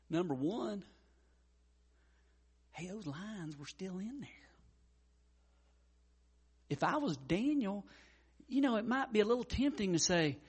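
A male pastor preaching a sermon, with frequent stammered restarts and wide swings between loud urgency and hushed tenderness. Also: on the high side, husky.

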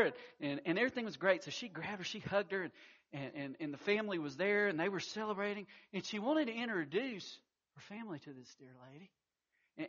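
Pastor guy preaching, kinda high voice, keeps stammering and restarting, muffled lo-fi audio. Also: a bit bright. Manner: folksy storytelling, frequent stammered restarts. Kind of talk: sermon. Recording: muffled lo-fi recording.

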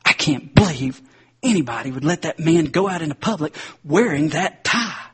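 A woman's voice: sits low, animated, normal speed, slightly rough, full character voice. A man preacher voicing a critical, gossiping churchgoing woman who mutters her disapproval. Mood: muttering scorn. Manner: muttering disapproval, then curt.

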